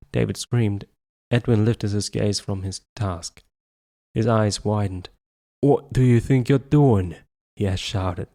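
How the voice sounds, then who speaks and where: A man with a low voice reads a story aloud as an amateur audiobook narrator. He often trips over words and restarts them, carrying on steadily. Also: darkish tone. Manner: stumbles and restarts words, self-corrects. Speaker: audiobook reader.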